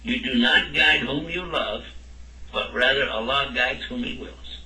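This man teaches religion to a class in a measured, mid-range voice that sounds pushed and bright, pausing to quiz his students. Captured by a distant mic, the room rings with echo.

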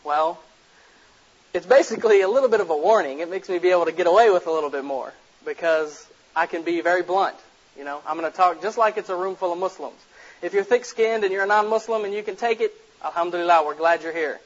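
A man's voice: high-pitched, quick pace. A man giving a casual public lecture to an audience, blunt and direct, telling jokes and stories. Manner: blunt, direct, jokey storyteller. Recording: muffled lo-fi recording.

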